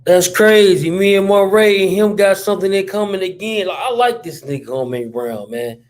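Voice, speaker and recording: Give me a high-pitched man chatting casually as he reacts live for his viewers. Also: moderate pace. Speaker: channel host reacting to a clip.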